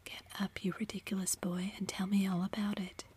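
A woman voicing a spirited, blunt young writer as a whispered role-play, in an even hush. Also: medium pitch, a little fast, slightly rough. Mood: teasing. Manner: whispered, exclaiming.

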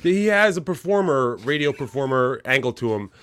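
A male podcast co-host talks in loose, rambling banter, swearing freely and sliding into a low, downbeat tone on serious points. His pitch sits in an ordinary middle range. The sound is close and dry, with no room in it. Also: animated, normal speed, fairly bright tone, clean tone, no echo.

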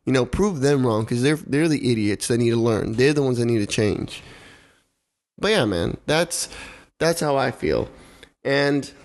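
A man's voice: medium pitch, measured pace, a little mellow. A young man in a casual podcast chat, talking heatedly, swearing and repeating himself for emphasis.

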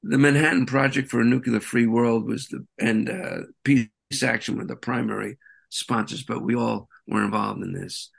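A man with a gravelly, creaky voice tells his story as an interview guest. He talks in a loose, rambling, animated way and often circles back mid-sentence. His pitch sits in a middle range for a man. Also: moderate pace. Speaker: interview guest, peace activist. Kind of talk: conversational interview.

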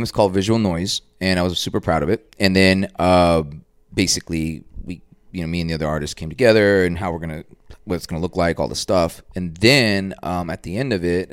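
Man, low resonant voice, dry close mic, animated profane storyteller, podcast guest. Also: no echo. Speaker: guest artist.

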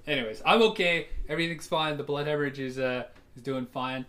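A man's voice: a little high, fairly quick, a bit bright. A man co-hosting a casual comedy podcast, rambling with lots of fillers and giggles. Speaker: podcast co-host.

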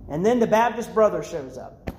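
A man preaching a lively, casual sermon to students, acting out the characters in the story with loud outbursts and slang. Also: high-pitched, normal speed, a little hiss or hum. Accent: American. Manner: animated, acts out the characters' lines, casual slang. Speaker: youth pastor. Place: church hall. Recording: echoey church hall.

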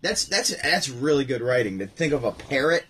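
A man casually commenting on comedy clips, laughing often and repeating the jokes excitedly. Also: medium pitch, moderate pace, very noisy. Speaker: host reacting to comedy.

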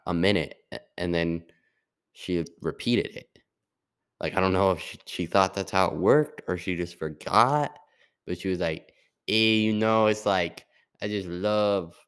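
A young man talking in a casual, rambling monologue, full of restarts and fillers. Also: deep voice. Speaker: podcast host.

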